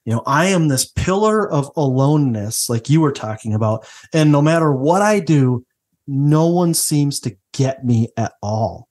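Give me a man with a husky, slightly high voice talking casually about faith on a podcast. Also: expressive, unhurried, darkish tone. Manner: conversational, repeats "right?" often. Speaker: podcast co-host.

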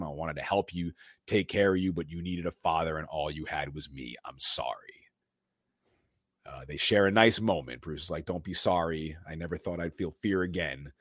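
Deep-voiced male podcast co-host, casual movie recap, quotes the characters with some flair, dry close mic. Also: dry recording. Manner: animated retelling, quoting characters.

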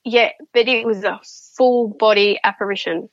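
A woman's voice: medium pitch, steady tone, moderate pace, no room sound, dull audio. A woman, a guest chatting through her experiences with lots of fillers and restarts. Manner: chatty, many fillers and restarts, laughs often. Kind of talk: casual interview storytelling.

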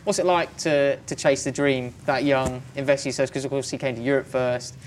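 A man's voice: mid-range voice, steady tone, brisk, a little hiss or hum. A man interviewing guests, asking long, rambling questions. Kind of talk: casual interview.

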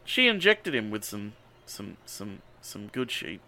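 A man's voice: fairly low pitch, big pitch swings, measured pace, pushed and bright. A man on a podcast casually recapping a movie, swearing and rambling with lots of ums and uhs. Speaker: podcast host.

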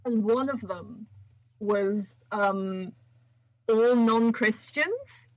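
A woman's voice: fairly high pitch, animated, extremely slow, dry recording, low-quality recording. A woman co-hosting a podcast in casual chat, joking and teasing, swearing now and then. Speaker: podcast co-host.

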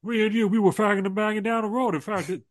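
A man putting on a brash, shouting impression of a male wrestling star, yelling his exclamations. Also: fairly even intonation, fast talker, no echo, clean studio sound, natural voice. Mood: boasting. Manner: yelling exclamations at a high pitch.

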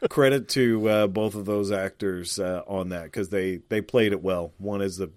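Homme enthousiaste au son sec. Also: male voice, low-pitched, moderate pace, darkish tone, no room sound, clean studio sound. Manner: enthusiastic, profane, many fillers. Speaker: podcast co-host. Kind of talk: casual chat.

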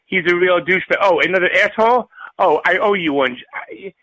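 A man's voice: high voice, fairly quick, dry recording, poor audio. A man playing an irate customer who stammers and curses down the line. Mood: furious. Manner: shouting, cursing, stammering. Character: irate male customer on hold, foul-mouthed.

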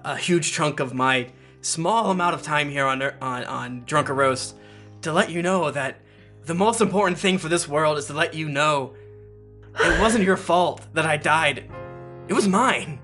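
A man's voice: on the high side, unhurried, pushed and bright, soft background music. A man playing the ghost of a brash young king in a tabletop game, talking earnestly through bursts of laughter. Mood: heartfelt. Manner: laughing, breaking into giggles mid-line. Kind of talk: tabletop game role-play.

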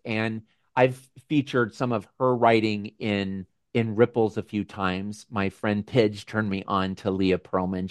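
Guy chatting on a video call to his supporters, soft musing tone, restarts a lot, dry sound. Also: lowish voice, no echo. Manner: gentle, musing, with frequent restarts. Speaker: host of a members' video call. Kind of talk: casual reflective talk.

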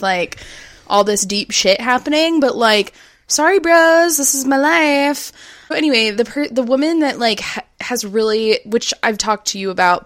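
A woman's voice: on the high side, fairly bright tone. A woman co-hosting a podcast, talking casually and rambling, with lots of fillers and some swearing. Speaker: podcast co-host.

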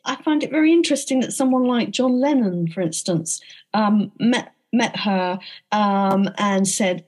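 A woman being interviewed about her book, speaking thoughtfully with frequent pauses and restarts. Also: medium pitch, darkish tone. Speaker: author and interview guest. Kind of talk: conversational interview.

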